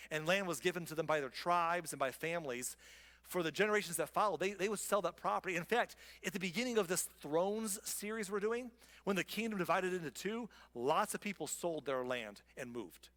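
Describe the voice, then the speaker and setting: A male pastor preaching a sermon in a relaxed, conversational and wry way, with asides to his listeners. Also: sits high, brisk, in a large hall.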